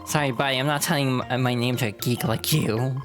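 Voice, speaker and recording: A woman's voice: very deep voice, fairly even intonation, a little fast. A woman voicing a haughty, annoyed young princess who talks curtly and with scorn, with game music behind. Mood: scornful. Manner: curt and scornful.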